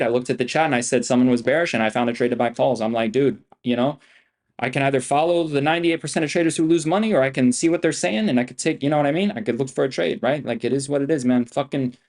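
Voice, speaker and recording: A young man streaming his trades live, boasting and swearing freely and repeating himself. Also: mid-range voice. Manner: boastful, profane, repetitive swagger. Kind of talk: live-stream trading commentary.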